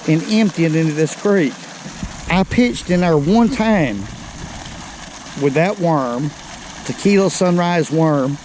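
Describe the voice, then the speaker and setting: An older man with a slightly high, mellow voice chats folksily to his viewers from a creek bank while fishing, sounding a bit out of breath. It's a casual outdoor fishing vlog picked up on a body-worn camera, with slight background noise and low recording quality.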